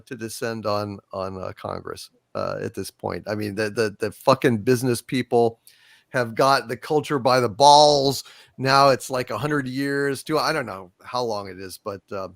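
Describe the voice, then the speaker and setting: A man's voice: mid-range voice, gravelly, fairly bright tone, no echo. Guy on a live stream panel, swearing nonstop, angry rant, dead dry mic. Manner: profane, angry ranting. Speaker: panel show host.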